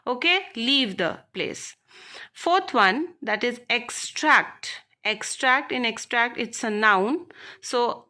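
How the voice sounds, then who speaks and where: A woman's voice: on the high side, pushed and bright. A woman, teaching schoolchildren as she works through textbook exercises and repeats words for them. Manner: deliberate, repeats words and addresses the children directly. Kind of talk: slow classroom lesson explaining textbook exercises.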